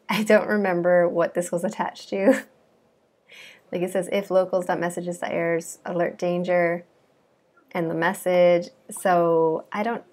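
A woman, a coding bootcamp student, chatting casually and giggling as she walks through her project. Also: lowish voice. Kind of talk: casual screen-share walkthrough.

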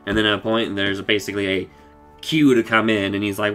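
A man giving a casual, rambling recap of a cartoon episode, excitable and full of swearing and fillers. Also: on the low side, brisk, faint music behind. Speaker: show reviewer.

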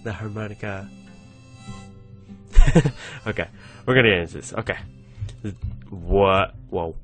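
A man's voice: lowish voice, a little slow, fairly bright tone, soft background music. A young man hosting a casual let's-play, rambling, giggling and reading game text aloud. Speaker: gaming channel host.

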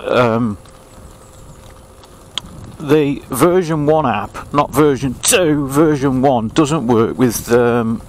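An English vlogger with a medium-pitched voice chats as he rides an old railway path, grumbling and poking fun at himself. The recording is rough, with a little background noise.

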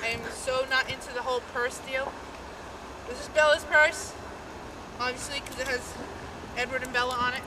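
Giggly, bossy, high-voiced young woman. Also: steady tone, normal speed, pauses often. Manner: giggly, bossy, swears a lot. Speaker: vlogger clowning for a camera. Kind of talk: casual goofing around. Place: outdoor bus stop by traffic. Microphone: handheld camcorder filmed by a friend. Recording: noisy street with passing cars.

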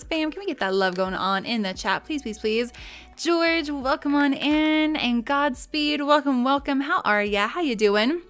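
A woman's voice: sits high, unhurried, fairly bright tone, soft background music. A woman in her thirties chatting casually on a live stream, thanking viewers by name and talking about her kids with frequent laughs. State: mother of young kids.

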